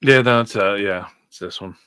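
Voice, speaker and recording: A man's voice: on the low side, normal speed, sharp tone, clean tone. A man chatting casually as a guest on a live stream, mostly giving short, laid-back replies. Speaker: stream guest, card reader.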